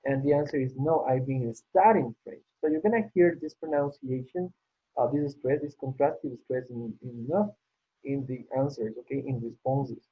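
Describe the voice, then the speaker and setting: Through a tinny video-call connection that sounds like a phone, a man teaches English online, working through exercises and patiently repeating his praise. His medium-pitched voice is steady and breathy-edged, at a normal speed.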